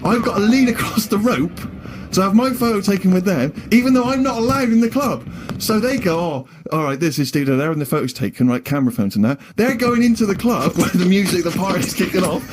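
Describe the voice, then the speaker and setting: A man co-hosting a radio chat show, telling anecdotes in an animated, exasperated way. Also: high-pitched, fast, few pauses, over music.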